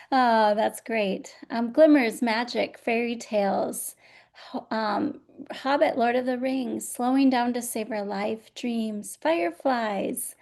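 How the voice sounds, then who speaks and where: A woman's voice: a little high, gravelly. Scratchy-voiced woman hosting a video call. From Minnesota. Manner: warm, chatty, many fillers and restarts. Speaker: host of an online journaling session. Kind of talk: casual live webinar hosting.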